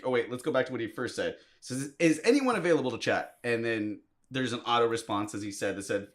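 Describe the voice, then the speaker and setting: A man's voice: mid-range voice, lively intonation, fairly quick, hardly any pauses. A man co-hosting a podcast, telling a story in casual chat, laughing often and reading messages aloud in mock voices. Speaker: podcast co-host.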